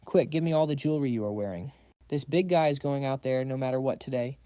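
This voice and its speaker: A man's voice: medium pitch, quick pace, warm tone, clear, resonant tone, no room sound, natural voice. A man voicing a loyal, clownish chubby young man in a comic recap.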